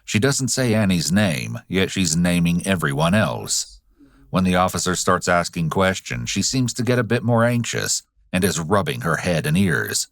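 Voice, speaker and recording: A man with a very deep voice delivers a scripted narration in a measured, analytical tone. The sound is close and dry, with no room around it. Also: big pitch swings, gravelly, fairly bright tone, no room sound. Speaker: narrator analysing body language.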